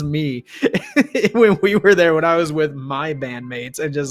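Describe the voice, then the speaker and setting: A man's voice: a little high, a little slow, no echo, faint music behind. A man hosting a casual livestream Q&A, chatty, laughing often and reading viewer comments aloud. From United States. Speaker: livestream host, band member.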